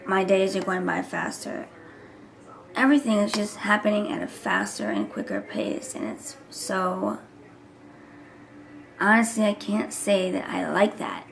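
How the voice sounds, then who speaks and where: A woman in her thirties, a vlogger and mother, chats casually to camera, rambling and sometimes slipping into whispers. Her medium-pitched voice is unhurried and lively in intonation, with vocal fry, and is recovering from hoarseness.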